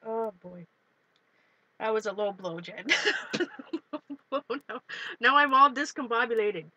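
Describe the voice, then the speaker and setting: A woman hosts a casual art livestream, talking to her chat as she works. Her voice is bright and a touch high, and she giggles often as she chats. A faint noise sits behind her. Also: expressive, measured pace, lo-fi sound. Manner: chatty, giggly, talks to chat viewers. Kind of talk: casual live-stream chat while painting.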